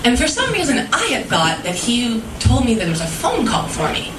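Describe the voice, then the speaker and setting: A woman's voice: fairly high pitch, huge pitch swings, fairly quick. Woman telling a story on a stage, echoing. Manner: earnest, emotional first-person telling. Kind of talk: live personal storytelling. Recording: roomy live recording from far off, audible noise.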